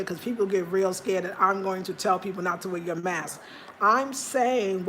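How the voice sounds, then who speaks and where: Chatty American woman telling stories. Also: a little hiss or hum. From United States. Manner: animated storytelling, acting out quotes in high cries; chatty, talks straight to viewers. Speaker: livestream host. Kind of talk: casual livestream chat.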